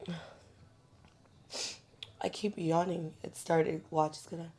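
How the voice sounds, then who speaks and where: Low-voiced young woman, chatty podcast host. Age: young adult. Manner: relaxed, chatty, drawn-out speech with fillers. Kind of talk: casual chat.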